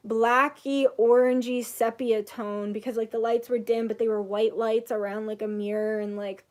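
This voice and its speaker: Young woman rambling on her vlog, says like a lot, kinda high voice. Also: little pitch movement, moderate pace. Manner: rambling, says "like" a lot, gets loud and emotional while retelling. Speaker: spiritual vlogger. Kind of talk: casual chat.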